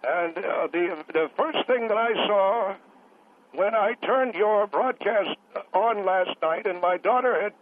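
Polite old navy vet guy calling in, a man doing the voice, high-ish voice, tinny phone sound. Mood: earnest. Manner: courteous, halting, says sir often. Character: elderly male navy veteran caller, polite, formal. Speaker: caller.

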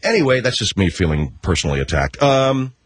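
Middle-aged male talk host, rambling sarcastic comic rant, husky and very animated in pitch. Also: brisk, no echo. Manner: rambling, sarcastic, swears casually, self-interrupting. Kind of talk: comedic rant monologue.

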